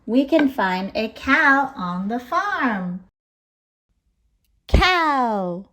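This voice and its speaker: Slow sing-song woman teaching toddlers. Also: high voice, big pitch swings, a bit bright. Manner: sing-song, imitating animal noises. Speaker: children's teacher. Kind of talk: slow toddler lesson with animal sounds.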